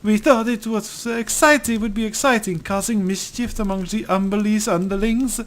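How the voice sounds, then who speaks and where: A man's voice: mid-range voice, a little slow, voice pushed down, lightly acted. A man voicing a nervous young boy who speaks in an odd accent, stammering and pleading in a let's-play. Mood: remorseful.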